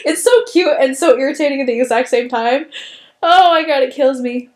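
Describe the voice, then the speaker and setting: A woman's voice: sits high, fairly quick, reverberant. A woman co-hosting a podcast in casual chat, laughing hard and exclaiming often. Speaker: podcast co-host.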